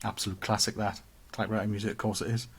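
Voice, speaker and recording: A man's voice: fairly low pitch, flat delivery, rapid-fire, husky. A man, co-hosting a casual podcast chat, joking and reading out viewer comments. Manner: chatty, joking, reads out comments. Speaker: podcast co-host.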